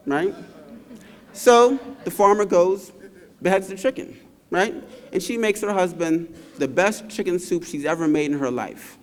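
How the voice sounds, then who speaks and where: A man's voice: high-pitched, expressive, normal speed. A man giving a graduation speech, telling stories and checking in with the crowd with frequent tag questions. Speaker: commencement speaker. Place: large hall. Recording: reverberant large hall.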